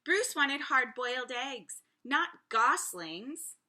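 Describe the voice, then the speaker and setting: Bright, lively woman reading aloud. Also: sits high, takes it slowly. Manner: chatty asides to young listeners. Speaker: preschool teacher. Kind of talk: picture-book read-aloud.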